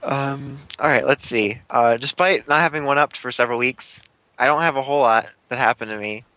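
A man's voice: mid-range voice, pushed and bright, no room sound, low-quality recording. A young man co-hosting a casual chat, joking and laughing often. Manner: chatty and joking, laughs often, speaks in quick bursts. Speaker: podcast co-host.

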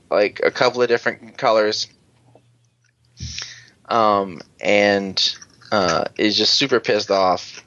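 A man's voice: mid-range voice, pushed and bright, no room sound, highs cut off. Casual man recapping an episode, rambling. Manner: rambling, acts out characters' lines, swears freely. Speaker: podcast co-host.

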